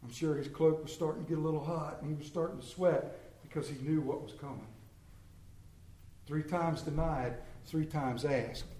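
A man preaching with a slightly high, lively voice that swings from loud emphasis to quiet hush. The sermon rings through a roomy, echoing hall. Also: normal speed. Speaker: pastor.

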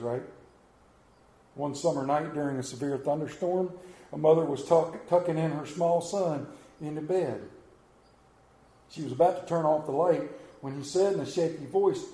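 High-voiced preacher in an echoey room. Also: male voice, mellow. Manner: storytelling preacher, rising and falling emphasis. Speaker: pastor. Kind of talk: sermon.

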